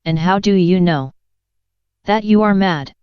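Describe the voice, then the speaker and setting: A woman voices a courteous young girl who asks question after question. The delivery is unhurried and very clean. The audio is a little dull and lo-fi. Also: fairly low pitch, clear, resonant tone, no room sound, lightly acted. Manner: politely questioning. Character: young girl Alice, polite and puzzled. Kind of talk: audiobook character reading. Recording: dull lo-fi sound.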